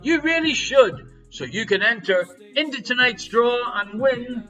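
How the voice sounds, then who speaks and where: A man hosts a live online quiz with a high, bright voice. He reads out questions with jokey showman patter and sudden loud calls of each number. Faint music plays behind him. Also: expressive, a little slow, poor audio. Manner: jokey, showy quizmaster patter with big swings in loudness. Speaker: quiz host. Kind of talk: live-streamed pub quiz hosting. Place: home streaming setup.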